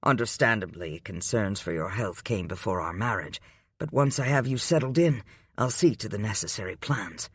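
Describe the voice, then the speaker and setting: A man reading an audiobook, voicing a calm, domineering wealthy man who speaks in a measured, patient way. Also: lowish voice, husky, dry recording, studio quality, pitched below the performer's own voice. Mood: commanding.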